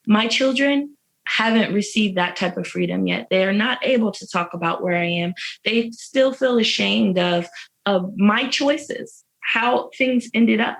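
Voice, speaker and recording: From jail, a mother gives heartfelt personal testimony in an interview, talking about her life with earnest, faith-filled emphasis and repeated phrases. She is emotional and close to tears. Her mid-range voice has vocal fry and a slightly bright tone, and the recording quality is low.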